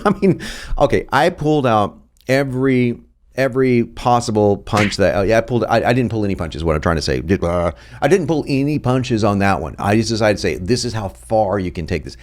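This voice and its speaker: Animated man teaching with many laughs. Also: on the low side, fairly quick. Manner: animated, laughs often, restarts sentences. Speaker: copywriting teacher. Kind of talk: casual screen-share lesson.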